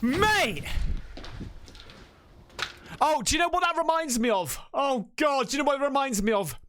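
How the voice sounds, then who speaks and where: Excitable high-voiced man. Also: fast, background noise. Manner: excitable, swears a lot, calls viewers mate. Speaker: reaction video host. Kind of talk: casual reaction commentary.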